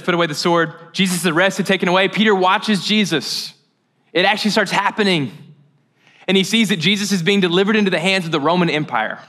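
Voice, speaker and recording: Animated, laughing male preacher. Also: a little high. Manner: animated storytelling, laughing at his own jokes; casual, conversational preaching. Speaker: pastor. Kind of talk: sermon.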